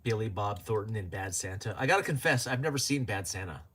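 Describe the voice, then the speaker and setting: A man's voice: fairly low pitch, animated, fast, a bit bright, slight background noise. A man hosting a casual livestream, chatting and joking as he reads viewer comments aloud and laughs often. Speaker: livestream host.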